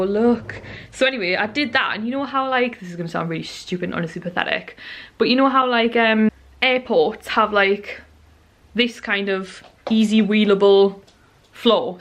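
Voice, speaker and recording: A woman's voice: medium pitch, fairly bright tone. A young woman, gushing and chatty in a casual home vlog, filling her talk with "like". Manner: gushing, chatty, repeats "like" often. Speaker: vlogger. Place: home room.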